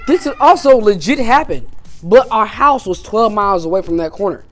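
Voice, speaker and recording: A man's voice: sits high, moderate pace, slight background noise. Young man telling a casual storytime. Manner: casual, animated storytelling full of filler like "man" and "you know". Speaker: YouTuber. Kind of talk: storytime vlog.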